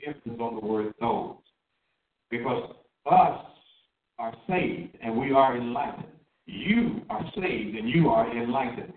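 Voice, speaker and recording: Man, sermon, emphatic drawn-out words, echoey room, distant from the mic. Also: medium pitch, vocal fry, phone-quality sound. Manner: asks the listeners questions. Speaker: preacher.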